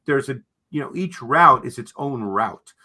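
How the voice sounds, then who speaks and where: A man with a bright, forceful voice co-hosts a football analysis show. He explains players in an emphatic, teacherly way and keeps tagging his points with a quick "okay?". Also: mid-range voice, expressive, slightly rough. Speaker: football film analyst, co-host. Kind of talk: analytical sports discussion.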